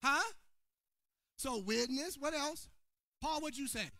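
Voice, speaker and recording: A man preaching a sermon to his congregation, calling on people by name and swinging between shouted points and quiet asides. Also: very high voice, lively intonation, takes it slowly, dry recording. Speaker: pastor. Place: church sanctuary before a congregation.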